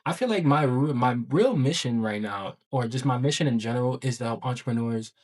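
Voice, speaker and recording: Man, online coach, casual vlog talk, excited, rambling, slangy filler words, average pitch. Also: fairly quick.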